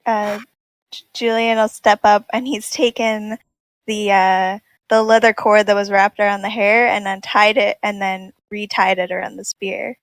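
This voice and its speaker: A woman playing in a tabletop game, describing her character's actions haltingly. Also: mid-range voice, level tone, no room sound. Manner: hesitant, halting with fillers. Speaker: player.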